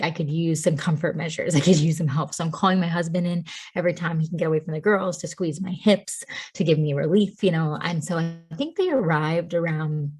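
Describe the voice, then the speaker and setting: A woman's voice: fairly low pitch, dark tone. A woman in her thirties from Tennessee, a podcast guest telling a personal story in a chatty way, laughing often and saying "like" a lot. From Tennessee, USA. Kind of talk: casual storytelling.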